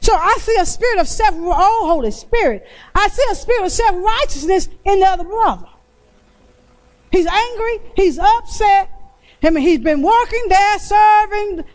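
A woman preacher delivering a sermon, reading scripture slowly and drawing call-and-response from the congregation with repeated phrases. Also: very high-pitched, animated. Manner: reads scripture verses aloud slowly and explains them.

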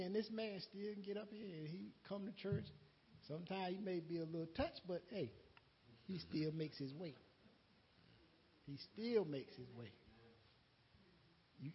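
Husky high-voiced preacher. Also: male voice, muffled recording. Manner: folksy, laughing, repeats words, quotes conversations. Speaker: lay preacher. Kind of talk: unscripted sermon.

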